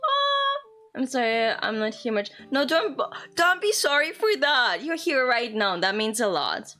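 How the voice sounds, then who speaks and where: A woman's voice: sits high, sing-song, a little slow, bright, forceful tone, soft background music. A young woman streamer chatting playfully and casually while teaching Japanese words, swearing now and then. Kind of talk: casual live-stream chat.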